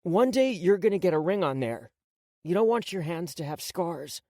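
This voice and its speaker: A woman's voice: fairly low pitch, expressive, moderate pace, dark tone, no echo, studio quality, natural voice. A woman voicing a teasing, protective eleven-year-old boy in an audiobook, blunt and playful.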